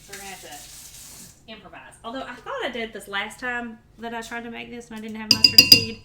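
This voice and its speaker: A cooking streamer chats with her viewers while cooking in her home kitchen, with pots, pans and dishes clattering behind her. Her voice is on the high side, animated, fairly quick and sharp, with a little hiss or hum.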